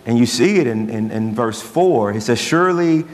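A man's voice: on the low side, expressive, normal speed, darkish tone. A man preaching a sermon as pastor, earnest and conversational, telling stories to make his point. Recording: long hall reverb, faint hum.

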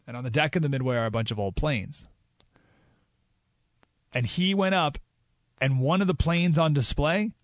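A man hosting a talk radio show, telling stories in an animated, emphatic way. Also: mid-range voice, no echo, clean studio sound. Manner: animated storytelling, rising to excited emphasis. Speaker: radio host.

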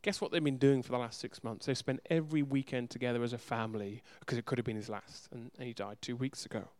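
A man delivers a forceful sermon at a city church, full of rhetorical questions and words repeated for emphasis. He has a mid-range, slightly mellow voice with fairly even intonation and a quick pace.

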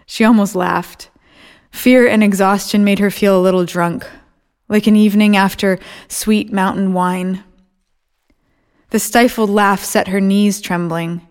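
List: woman, audiobook narrator, measured, steady, mid-pitched voice. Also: clear, resonant tone.

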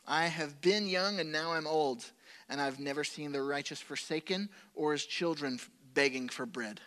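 A male pastor preaching a sermon, telling a personal story with animated quoted asides and humor. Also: on the high side.

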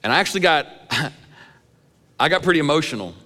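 A man's voice: on the high side, animated, moderate pace, sharp tone, in a large hall. A middle-aged male pastor preaching in a church sanctuary, telling candid personal stories in a conversational way with some humor. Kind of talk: sermon.

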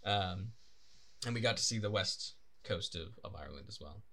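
A man's voice: low-pitched, normal speed, sharp tone. A young man co-hosting a podcast in casual chat, rambling and laughing often, swearing now and then. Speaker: podcast co-host. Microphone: desk microphone.

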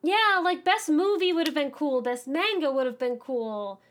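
A woman's voice: sits high, lively intonation. A woman co-hosting a podcast, chatting casually and ranting enthusiastically. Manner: enthusiastic, ranting, fast-moving. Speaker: podcast co-host.

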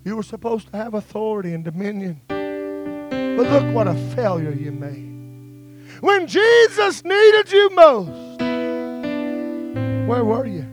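A preacher putting on a scornful taunting Satan. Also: male voice, high-pitched, big pitch swings, slow, long pauses, exaggerated voice. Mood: mocking. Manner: taunting, mocking questions. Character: Satan taunting a fallen disciple, male, scornful. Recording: guitar music playing behind. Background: guitar music.

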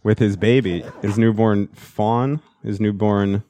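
A man's voice: fairly low pitch, steady tone, takes it slowly, dark tone. Joking man in his thirties, podcast host. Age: 30s. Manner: joking, rambling, laughs often. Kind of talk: casual podcast banter. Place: podcast studio. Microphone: studio microphone.

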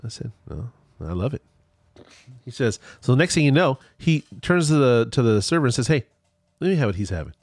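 A man's voice: medium pitch, fairly quick, no echo. A man telling a long, rambling story in a casual chat, his voice rising and falling a lot. He restarts his sentences often, and the sound is close and dry. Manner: rambling, animated, with many restarts.

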